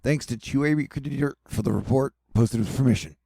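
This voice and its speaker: Gravelly, husky man joking through a weather update. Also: mid-range voice, fairly quick, mellow, no echo, studio quality. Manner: jokey asides, rambling and self-mocking. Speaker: weather news host. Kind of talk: casual weather commentary over maps.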